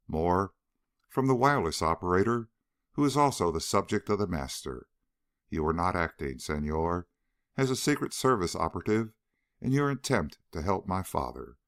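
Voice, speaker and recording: A man's voice: low voice, creaky, heavily acted. A man reading the part of a bitter young man who formally offers a guarded friendship in an audiobook.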